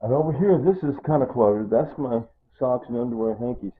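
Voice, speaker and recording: A man's voice: medium pitch, a little fast, slight background noise. Older man rambling on a tinny recording. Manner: rambling, points things out with "see" and "right?". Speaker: vlogger giving a home tour. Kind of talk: casual home tour. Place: small home indoors. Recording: tinny phone-like audio.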